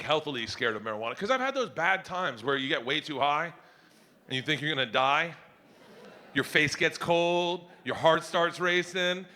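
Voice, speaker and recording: A middle-aged man telling a stand-up comedy story in a loud, animated, brash way. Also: on the high side, a little hiss or hum.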